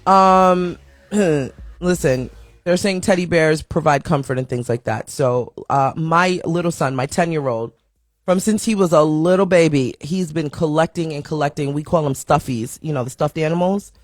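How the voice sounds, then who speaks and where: A woman hosting a live stream show, talking casually with a raspy morning voice, reading and answering viewer comments and greeting people as they join. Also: low-pitched, normal speed, no room sound, studio quality. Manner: playful sing-song shout-outs to viewers joining.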